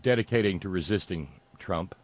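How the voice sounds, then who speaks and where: A man hosting a sarcastic political commentary monologue, mocking and meandering with frequent pauses and restarts. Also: low voice.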